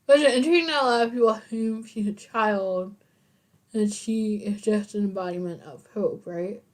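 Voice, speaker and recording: A woman's voice: mid-range voice, moderate pace. A woman co-hosting a podcast in casual chat, playful and rambling with goofy asides. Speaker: podcast co-host.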